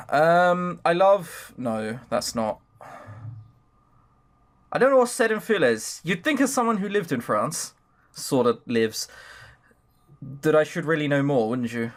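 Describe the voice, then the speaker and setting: A man reads a visual novel aloud and breaks off into rambling, jokey asides. His voice is high for a man and very animated, jumping all over its range. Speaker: let's player.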